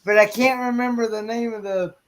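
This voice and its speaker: A man's voice: high voice, steady tone, a little fast. A man, a trivia contestant who hesitates and searches for his words. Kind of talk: casual livestream trivia chat.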